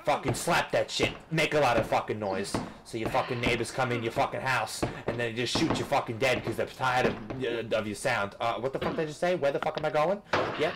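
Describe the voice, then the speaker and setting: A man giving profane, frustrated commentary over a game, ranting and cursing, swinging between yelling and muttering. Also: mid-range voice, background noise. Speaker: gaming youtuber.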